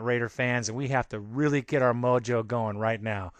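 A man's voice: mid-range voice, steady tone, normal speed, hardly any pauses, clean tone, no echo. A man hosting a sports podcast, ranting angrily and emphatically with lots of repetition. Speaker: podcast host. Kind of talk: fired-up sports podcast rant.

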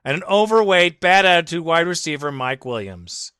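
Rich: A man with a high, sharp voice rants through a sports podcast, full of sarcasm and mockery aimed at an absent critic. The sound is close and dry, with no room around it, and his indignation spills into swearing. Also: very animated, moderate pace, smooth, no room sound. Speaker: podcast host. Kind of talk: ranting sports commentary.

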